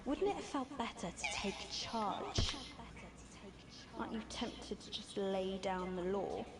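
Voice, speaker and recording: A sly villainous temptress who mocks and lures in a slow, teasing purr. Her voice rings in a roomy space with loud music underneath, pitched in a middle range. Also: lively intonation. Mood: seductive. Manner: teasing, taunting, drawn-out delivery. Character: sly seductive female tempter, mocking and villainous. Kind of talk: video game voice acting. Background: loud game music.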